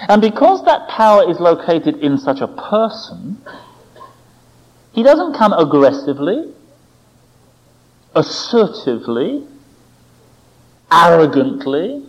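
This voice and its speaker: Lively male preacher, lo-fi recording. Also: on the high side, takes it slowly, pauses often. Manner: expressive, questioning asides, dramatic quoted voices. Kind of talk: sermon. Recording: dull lo-fi recording.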